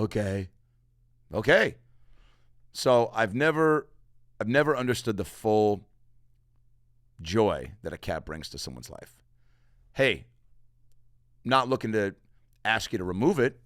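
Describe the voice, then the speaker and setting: Low-voiced guy ranting and swearing on his podcast, dry close sound. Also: no echo. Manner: profane, animated ranting. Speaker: podcast host. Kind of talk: comedic rant.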